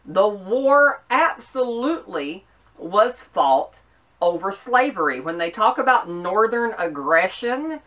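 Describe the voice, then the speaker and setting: Southern-accented woman host, bright, forceful tone, earnest commentary, set a little back from the mic. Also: medium pitch, far from the mic. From American South. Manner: earnest, emphatic, with measured pauses. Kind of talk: opinion commentary.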